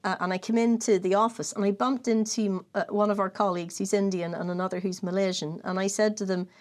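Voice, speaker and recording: A woman's voice: mid-range voice, fast. An Irish woman from County Kerry, co-hosting a casual chat and telling stories with laughing asides. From Ireland. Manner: animated storyteller, lots of laughing asides. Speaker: co-host.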